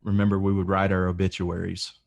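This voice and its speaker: A male podcast host with a very low voice leads a casual interview. He talks in a relaxed, friendly way and calls his guest dude. He ends his points with a thoughtful question. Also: a little fast, vocal fry, lo-fi sound.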